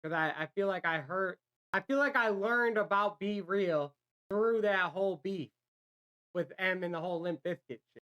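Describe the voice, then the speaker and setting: Woman reacting to a rap song, rambly, excitable, cusses a lot, mid-pitched voice. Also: normal speed. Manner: rambling, excitable, swears freely. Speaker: music reaction host. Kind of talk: casual reaction commentary.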